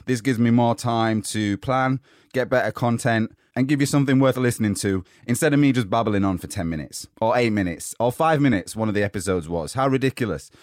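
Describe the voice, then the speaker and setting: A man hosting a motivational podcast, giving an upbeat, energetic pep talk while slightly out of breath. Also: medium pitch, brisk, no room sound, studio quality. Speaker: podcast host.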